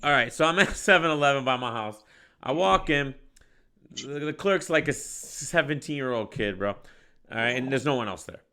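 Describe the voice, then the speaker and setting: A man's voice: mid-range voice, moderate pace, smooth. A man telling a story in casual chat, acting out the people in it and laughing often. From Michigan, United States. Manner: animated storyteller, acts out voices, laughs often. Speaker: podcast host.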